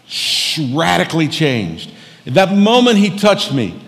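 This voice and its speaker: A man's voice: a little high, wildly swooping pitch, slow pace. A middle-aged man preaching a sermon as pastor, telling stories in a folksy, joking way. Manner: folksy storytelling with jokes. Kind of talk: humorous sermon. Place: church sanctuary. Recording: long reverb of a church hall.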